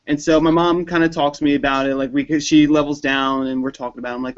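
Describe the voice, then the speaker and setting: A man hosting a casual chat, telling stories and acting out his parents with loud impressions. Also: a little high, fast, few pauses. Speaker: panel host. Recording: dull lo-fi stream audio.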